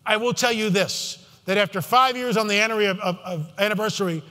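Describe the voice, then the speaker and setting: A man's voice: high voice, steady tone, quick pace, bright, forceful tone, long reverb tail. A man giving an impassioned conference talk from a stage, fervent and emphatic, with many asides and restarts. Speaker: conference speaker.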